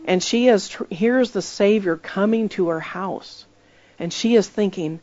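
A woman's voice: fairly low pitch, moderate pace, a little mellow, highs cut off. A woman preaching in a conversational sermon style, telling stories emphatically and acting out the voices she quotes.

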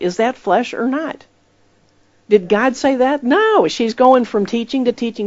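A woman's voice: a little high, animated, normal speed, no echo, dull audio. A woman preaching in a conversational sermon style, telling stories emphatically and acting out the voices she quotes.

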